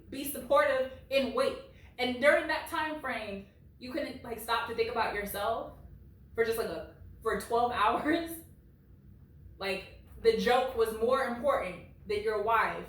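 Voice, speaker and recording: A woman in her late twenties gives blunt, animated commentary on reddit stories, talking a little high for a woman. She sits well back from the mic in a room that rings with heavy echo. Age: late 20s. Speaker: reddit story reader. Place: at home. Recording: very echoey room, far from mic.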